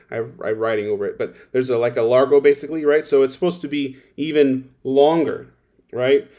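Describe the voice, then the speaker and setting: A man's voice: medium pitch, warm tone. A man giving methodical spoken feedback on a violin performance, sometimes singing phrases to show them. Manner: methodical, directive, sings phrases to demonstrate. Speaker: violin teacher. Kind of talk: recorded lesson feedback.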